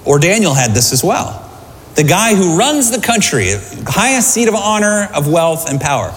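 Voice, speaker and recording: A man preaching a sermon to a congregation, lively and conversational, often asking them questions. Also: sits high, normal speed, a little hiss or hum. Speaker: pastor. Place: large church hall. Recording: hall reverb, faint room ambience.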